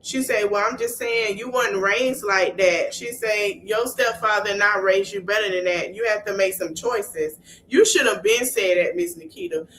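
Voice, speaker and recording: A woman's voice: mid-range voice, normal speed, slight background noise, low-quality recording. A woman podcast host giving a casual recap, retelling scenes in a he-said-she-said way with slangy asides to her listeners. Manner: animated storytelling, retelling scenes in he-say-she-say fashion.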